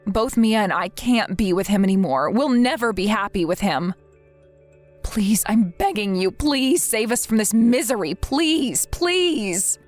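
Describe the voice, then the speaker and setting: A woman's voice: medium pitch, animated, normal speed, hardly any pauses, natural voice. A woman reading the lines of an overworked young wife and mother who apologizes and pleads for help, in a scripted text-message story. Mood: pleading. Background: faint background music.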